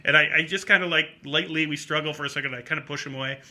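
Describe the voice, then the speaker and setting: Middle-aged male comic with a very bright, sharp voice, spinning an animated anecdote on a radio show. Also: rapid-fire. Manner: animated anecdote-telling, acting out a drunk heckler in a high voice. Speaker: comedian guest. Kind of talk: casual storytelling on a talk show.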